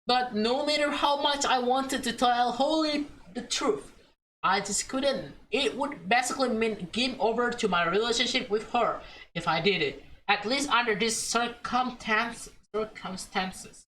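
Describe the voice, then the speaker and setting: A woman's voice: on the high side, fairly bright tone, a little hiss or hum, low-quality recording. A young woman reading a visual novel aloud and reacting emotionally as she plays. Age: young adult. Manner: emotional, chatty, slow reading. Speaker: let's play streamer.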